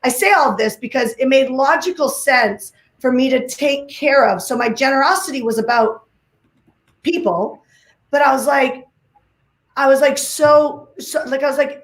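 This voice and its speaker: A woman giving an energetic talk on a video call, emphatic and full of repeated phrases and "like"s. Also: high voice, moderate pace, reverberant. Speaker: guest speaker.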